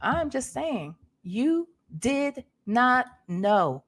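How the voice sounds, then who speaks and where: High, lively woman gossiping to her viewers. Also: extremely slow. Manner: animated, repeats herself, talks to chat. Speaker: commentary vlogger. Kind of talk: gossip commentary with live chat.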